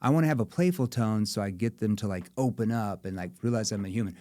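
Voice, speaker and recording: Man, sales trainer type, lively and demonstrative, mid pitch, dry close-miked sound. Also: quick pace, dry recording. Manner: demonstrative, acts out tones of voice. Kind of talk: animated instructional chat.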